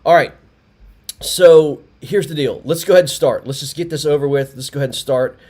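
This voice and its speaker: A man's voice: mid-range voice, very fast, a little mellow, breathy edge. A man hosting a live results stream, rambling with many fillers and restarts, laughing often. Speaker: tournament host.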